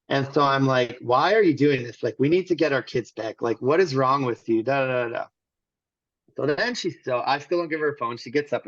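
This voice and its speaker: A man's voice: medium pitch, fairly bright tone, no echo, muffled recording. A man as an interview guest, candidly telling a personal story in a rambling way with many restarts. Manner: rambling, restarts often, acts out quotes.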